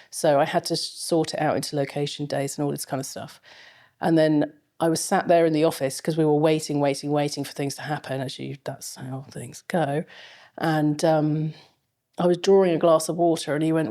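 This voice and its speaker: Deep and dark in tone, a middle-aged woman's voice carries a casual interview chat. A fashion film lecturer and guest, she tells long, rambling stories laden with fillers.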